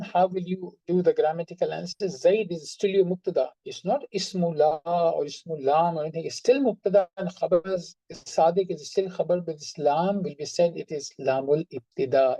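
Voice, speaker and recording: A grammar teacher explains a lesson patiently, going over each example again and again. The voice is mellow and dark, with emphasis carried by tone. The recording is close and dry, with no room sound. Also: mid-range voice, dry recording, rough recording. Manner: patient, repeats examples and stresses words by tone. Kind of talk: online class explanation.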